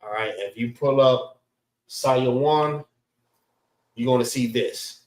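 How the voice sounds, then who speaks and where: A man's voice: mid-range voice, darkish tone. Man teaching a class, repeats words over and over, echoey room. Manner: slow, repeats terms and says "all right" often. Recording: roomy echo, voice from far off the mic.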